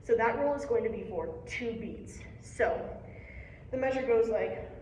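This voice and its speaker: Heavy background noise surrounds a young woman speaking a little slowly in a slightly high voice. She's a patient, encouraging percussion teacher explaining strokes step by step during a hands-on music lesson, captured with a far-off mic in an echoey space.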